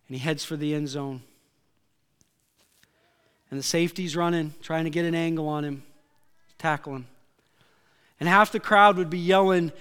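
Male pastor, slightly higher voice, deliberate and smooth, animated sermon delivery in a church with long reverb. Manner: animated storytelling, acting out quotes, shouting at peaks.

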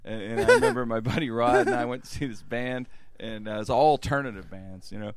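Male podcast host with a gravelly, animated voice. Loose and jokey. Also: medium pitch, a little fast, no room sound, studio quality. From Pittsburgh area. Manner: laughs while telling jokes, repeats words. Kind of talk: casual chat, reading funny texts aloud.

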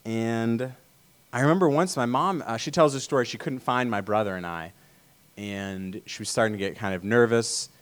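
A man from Vermont giving a casual sermon talk to a church meeting, telling stories in a relaxed way with many fillers. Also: mid-range voice, normal speed, clear, resonant tone. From Vermont, USA. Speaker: church speaker.

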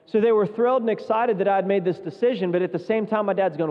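Young guy preaching his story, high voice, keeps restarting words, long echo in a big hall. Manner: earnest, halting, repeats words. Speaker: preacher giving testimony. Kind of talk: sermon testimony. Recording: muffled sound in a long-reverb hall.

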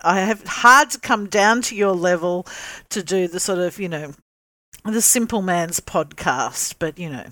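A woman's voice: fairly low pitch, unhurried, sharp tone, no echo. Sarcastic, teasing woman podcast co-host. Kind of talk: casual podcast banter.

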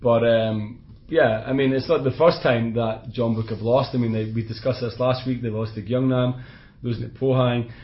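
A Scottish man co-hosting a casual football podcast, chatty and quick to laugh, with blunt opinions. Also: mid-range voice, steady tone. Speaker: podcast co-host. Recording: dull lo-fi podcast audio.

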